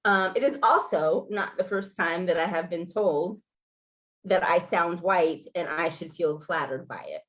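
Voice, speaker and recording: A woman in her forties from Los Angeles, telling a personal story to a gathering in a conversational, animated way. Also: on the low side, a little slow. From Los Angeles, California. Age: 40s. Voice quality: sounds like a Valley girl. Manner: conversational, animated storytelling with laughs and acted quotes. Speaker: featured speaker.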